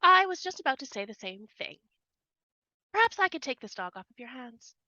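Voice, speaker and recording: A woman's voice: high-pitched, sing-song, brisk, sharp tone, no room sound, lo-fi sound, voice pushed up, full character voice. A woman voicing a stern, severe nun who speaks in a clipped, formal manner.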